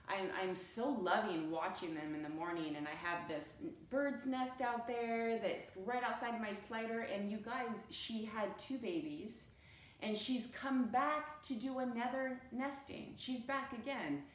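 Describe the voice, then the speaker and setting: A woman leads a yoga class in a loose, chatty way, laughing as she talks. She sounds far from the mic, in a very echoey room with a faint hum of ambience behind her. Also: medium pitch. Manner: chatty, laughing, animated storytelling. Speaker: yoga teacher. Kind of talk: casual class talk.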